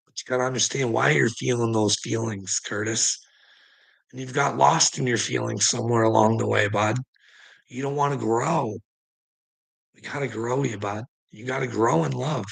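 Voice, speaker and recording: A man's voice: medium pitch, normal speed, creaky, breathy edge, poor audio. A man hosting a live stream, ranting at his chat in a combative, profane way and needling viewers by name. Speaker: livestream host.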